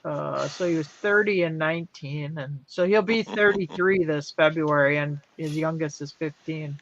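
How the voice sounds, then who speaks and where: A woman's voice: deep voice, normal speed, a bit bright, muffled recording, slight background noise. A woman in her forties chatting casually, wry and joking. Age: 40s. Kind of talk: casual chat.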